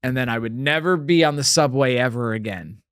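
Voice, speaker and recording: A man's voice: medium pitch, fairly quick, a bit bright, smooth, no room sound, studio quality. A man hosting a podcast, chatting casually and tossing in wry, jokey asides. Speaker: podcast host. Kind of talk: casual chat.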